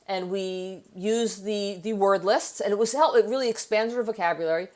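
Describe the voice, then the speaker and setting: A woman author and therapist explains ideas in an interview conversation, telling stories from her practice and restarting often. Her voice is medium-pitched with a darkish tone, at normal speed.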